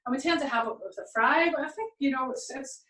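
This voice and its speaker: Northern Irish woman chef, a touch high-pitched, chatty live demo host; echoey kitchen sound. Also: fast, a bit bright. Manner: chatty, lots of fillers and local words. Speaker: chef hosting a cooking demo. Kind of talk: live cooking demonstration. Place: home kitchen.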